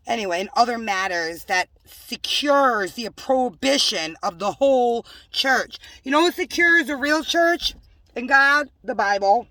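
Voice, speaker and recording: A woman's voice: on the high side, expressive, normal speed, a bit bright, no echo, far from the mic. A woman preaching in a home-made religious video, emphatic and scolding, with joking asides. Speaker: self-styled religious preacher.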